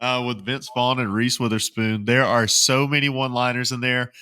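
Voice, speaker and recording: A man with a bright, forward voice and a mid-range pitch, recorded close and dry. He chats casually on a podcast, laughing often and quoting film lines. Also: level tone, normal speed, clear, resonant tone, dry recording. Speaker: podcast co-host. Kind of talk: casual chat.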